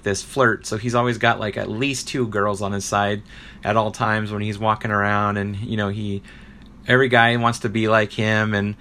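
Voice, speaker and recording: A man's voice: fairly low pitch, bright, forceful tone. A man hosting a podcast, recapping a show without a script in a rambling, laughing, filler-heavy way. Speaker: podcast host. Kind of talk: unscripted casual recap.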